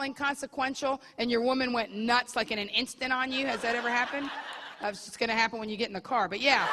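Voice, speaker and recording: A woman comedian performing a bawdy stand-up set live, teasing the audience members. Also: high voice. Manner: brash, bawdy, crowd-teasing delivery. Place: comedy club stage. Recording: live club set with loud crowd laughter and noise. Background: crowd laughing.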